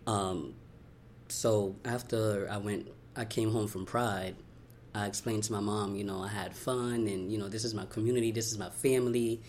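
A young man from Brooklyn tells his story in an interview. His voice sits on the low side and he speaks candidly, in quick, heartfelt runs full of "you know" and "like." A faint hiss of noise runs under the recording. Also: fairly even intonation, darkish tone. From Brooklyn, New York. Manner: candid, fast-flowing, heartfelt, many "you know" and "like" fillers.

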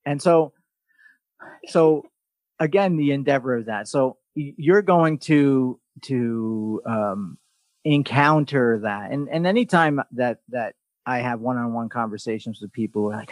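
A man hosting a podcast speaks a little slowly in a medium-pitched voice, with no room sound around him. In easygoing chat he tells stories bluntly, swearing often and throwing in sarcastic, mocking asides.

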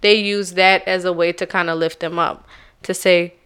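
A woman from Charleston, South Carolina, sharing a personal story on a podcast in a soft, reflective and carefully slow way. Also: fairly low pitch, level tone, clear, resonant tone. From Charleston, South Carolina, USA. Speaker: podcast co-host.

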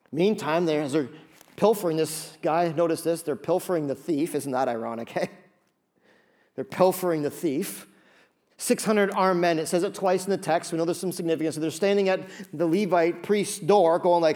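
A man preaching a sermon, telling a story with animated asides and acted-out voices. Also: a little high, a little fast. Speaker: pastor.

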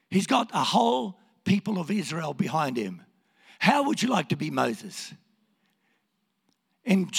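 A pastor delivers an impassioned sermon in a hoarse, gravelly voice, his high pitch leaping around as he swings from hushed words to shouting. A church hall's long reverb lingers behind each line.

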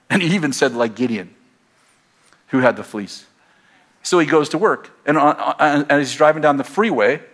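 A middle-aged American man preaching a sermon in a church, telling stories and building to loud exhortation. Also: fairly high pitch. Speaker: pastor. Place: church sanctuary. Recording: faint crowd in a church. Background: congregation.

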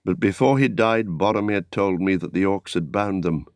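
A man voicing a grave, weary male warrior leader in an audiobook, speaking in a solemn, measured way. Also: deep voice, no echo, clean studio sound, lightly acted. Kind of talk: audiobook character reading.

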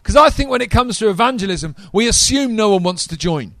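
A man preaching a sermon to a live congregation, energetic and talking straight to the audience. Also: high voice, a little fast, dry recording.

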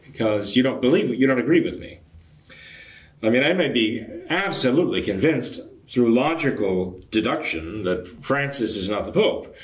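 An older man speaks as a traditionalist priest, answering a viewer's question at a steady middle pitch. He explains things patiently and pauses often to find the next word. The room around him rings with a noticeable echo. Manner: measured, explanatory, frequent hesitations. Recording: echoey room.

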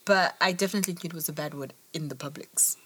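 A woman's voice: low voice, fairly bright tone. A woman co-hosting a podcast in casual chat, playful and teasing. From Africa. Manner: playful, teasing, quick reactions. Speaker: podcast co-host.

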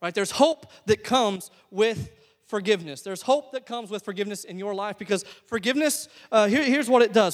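A man preaches a sermon, with a fairly high voice. He talks in a loose, conversational way and drops in joking asides. His voice carries a long reverb from the church hall. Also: moderate pace. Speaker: pastor.

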